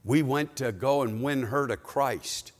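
A man preaching a sermon as pastor, telling a personal story in an animated, conversational way. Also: mid-range voice, a little slow, in a large hall.

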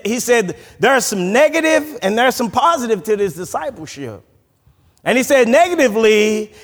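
A man preaching a sermon as pastor, animated, often restarting his sentences. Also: high voice. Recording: long reverb from a large hall.

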